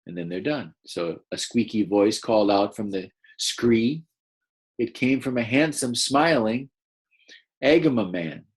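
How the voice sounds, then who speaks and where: Husky-voiced man teaching first graders. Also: fairly low pitch, measured pace, low-quality recording. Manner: patient, explains and asks children questions. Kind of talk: read-aloud lesson for young children.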